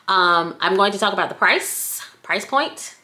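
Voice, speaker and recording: A scrunchie shop owner with a Southern US accent reviews a product on her vlog in a casual, chatty, playful way, sometimes slipping into sing-song bits. Her medium-pitched voice is unhurried, bright and forceful, with lively intonation.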